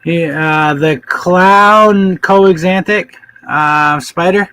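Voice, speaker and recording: High-voiced teasing man on stream. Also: drawn-out words, clean tone, poor audio. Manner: loud, teasing, swearing banter. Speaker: reptile breeder hosting a live stream. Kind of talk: casual chat with callers.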